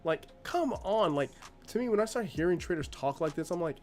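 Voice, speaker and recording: A man's voice: a little high, expressive, fairly quick, soft background music. A man hosting a reaction video, commenting in a sarcastic, exasperated way.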